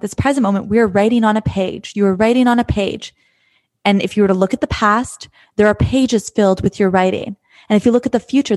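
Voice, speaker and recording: A woman's earnest, gentle voice, speaking as a life coach in a reflective monologue. She circles back on her own phrases, repeating words as she thinks aloud. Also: mid-range voice.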